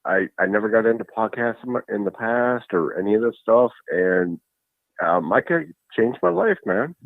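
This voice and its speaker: A man with a Minnesota accent calls in, halting and rambling after a couple of drinks. His voice is gravelly and swings a lot in pitch. It comes through a tinny phone line. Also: lively intonation, no room sound. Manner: rambling, halting, a little tipsy. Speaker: caller.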